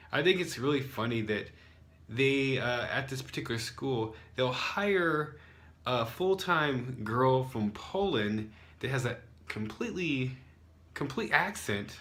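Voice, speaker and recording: A man's voice: medium pitch, animated, a little slow, fairly bright tone. Young American man, casual vlog storyteller, rambling with sarcastic asides. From United States. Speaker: English teacher.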